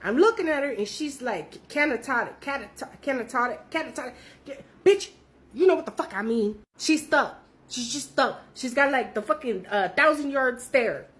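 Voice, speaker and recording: A woman telling a story in a casual, profane, animated way, with her voice jumping up when she quotes people. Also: normal speed. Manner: animated, profane, jumps high when quoting others.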